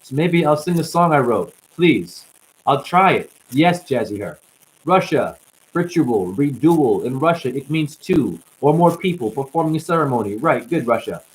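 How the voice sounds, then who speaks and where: A man hosting a loose livestream, talking in a preachy, rambling way. His voice jumps from loud bursts down to low mutters. Crackling static runs under the whole recording. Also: expressive, normal speed. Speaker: livestream host.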